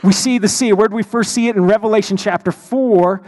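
A man's voice: sits high, a little fast, darkish tone. A man preaching a sermon as pastor, telling a story with frequent restarts and repeated words. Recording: long hall reverb.

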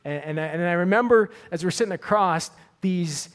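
Earnest pastor, slightly high voice. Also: male voice, normal speed. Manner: earnest, repeats words when searching for them. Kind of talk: sermon with a personal story and closing prayer.

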